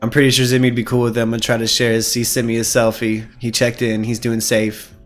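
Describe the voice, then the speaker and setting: A man's voice: medium pitch, completely flat delivery, quick pace, faint music behind. A man co-hosting a live news stream in casual chat, loose and profane, laughing often. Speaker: podcast co-host.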